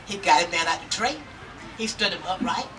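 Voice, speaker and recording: Lively storyteller woman outdoors. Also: lowish voice, fairly quick, over music. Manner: lively, talking straight to listeners. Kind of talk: folk tale told to a live audience. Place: outdoor town square festival. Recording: outdoor, mic far off, faint noise.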